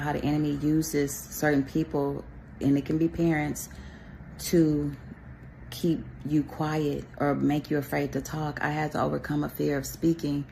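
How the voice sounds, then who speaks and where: Woman, from Texas, casual faith testimony, rambling chat, deep-set voice, heavy vocal fry. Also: dark tone, slight background noise. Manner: rambling, conversational, with pious asides. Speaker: vlogger sharing a faith testimony.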